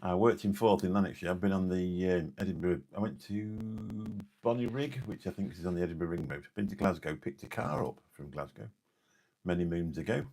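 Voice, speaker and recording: Bloke from lincolnshire on a late night live, low husky voice, chatty and jokey. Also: male voice, fairly quick, a little mellow. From Lincolnshire, England. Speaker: live streamer reading chat.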